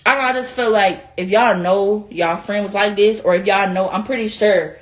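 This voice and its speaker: A woman's voice: mid-range voice, steady tone, normal speed, rough recording. A young woman telling a storytime on a livestream, heated, profane and rambling, often breaking off to ask whether you follow. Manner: heated, profane, rambling, keeps asking you know what I'm saying. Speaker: social media personality. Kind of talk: casual livestream storytime rant.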